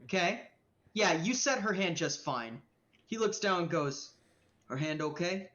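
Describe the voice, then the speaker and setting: A woman's voice: fairly low pitch, animated, unhurried, fairly bright tone, highs cut off. A woman running a live-streamed tabletop game as game master, narrating casually with lots of swearing and fillers. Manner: casual, profane, rambling with fillers.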